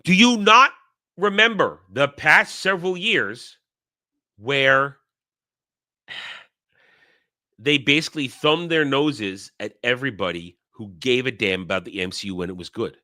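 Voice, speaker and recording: A man's voice: medium pitch, expressive, unhurried, long pauses, bright, forceful tone, dry recording, studio quality. A man giving sarcastic, scornful commentary in a rant, often repeating his phrases. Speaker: online commentary host. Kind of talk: ranting commentary.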